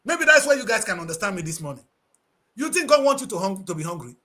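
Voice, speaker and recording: A man's voice: high-pitched, sing-song, fast, bright, forceful tone. A man with a Nigerian accent giving passionate, preachy talk-show commentary, slipping into Pidgin English.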